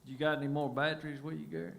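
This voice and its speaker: A man's voice: a little high, flat delivery, racing, gravelly, a bit bright, a little hiss or hum. A man, a singer-songwriter telling folksy, laughing stories between songs at a live show. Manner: folksy, laughing, drawling banter. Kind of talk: on-stage storytelling between songs. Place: live music venue stage.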